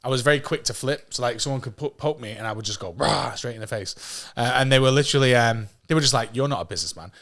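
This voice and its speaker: Fast-talking man in his thirties, swearing freely. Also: medium pitch. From England. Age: 30s. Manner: swears freely, animated, laughs at own jokes. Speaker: podcast guest. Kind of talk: casual storytelling.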